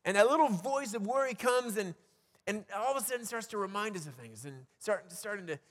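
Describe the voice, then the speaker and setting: Man, pastor, high voice, conversational sermon, rhetorical questions, reverberant hall. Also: expressive, brisk, a bit bright. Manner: conversational preaching with frequent restarts and rhetorical questions.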